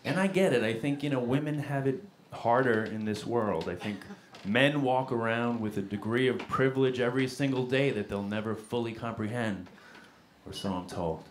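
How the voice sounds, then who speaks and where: A man's voice: medium pitch, normal speed. A man, performing a self-deprecating stand-up set on a comedy club stage with a handheld mic. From Queens, New York. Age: 40s. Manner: wry, self-deprecating, deadpan delivery. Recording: live club recording with audible crowd noise. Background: audience laughter and club noise.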